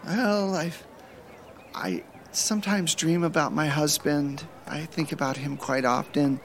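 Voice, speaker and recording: A man voicing a sickly, timid young widow in a tabletop game, speaking in a halting, apologetic way. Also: a little high, fairly even intonation, slight background noise. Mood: hesitant. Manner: halting, stammering. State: coughing, ill.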